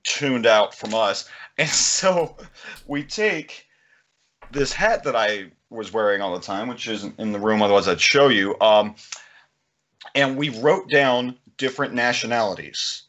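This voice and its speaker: A man's voice: medium pitch, measured pace, fairly bright tone. A man telling a story as a podcast guest in casual chat, laughing often.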